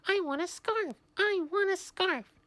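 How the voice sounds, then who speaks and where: A man's voice: extremely high pitch, a little slow, sharp tone, no room sound, pitched above the performer's own voice, exaggerated voice. A man voicing a cheeky small male tank engine in a storybook reading, with a whiny, sing-song manner. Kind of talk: storybook narration.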